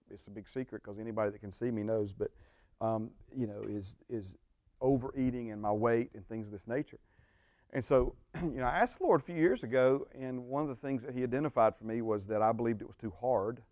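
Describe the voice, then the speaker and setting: A man's voice: mid-range voice, darkish tone, dry recording, studio quality. A man who is a pastor, teaching a church group in a folksy, joking way and saying amen often.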